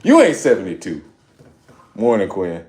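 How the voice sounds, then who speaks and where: A man's voice: fairly low pitch, huge pitch swings, moderate pace, darkish tone. Dude talking to chat mid workout, joking around, swings his voice a lot. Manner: laid-back, joking, talks to chat. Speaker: fitness streamer. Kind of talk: casual chat during a live workout. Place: home workout space, indoors.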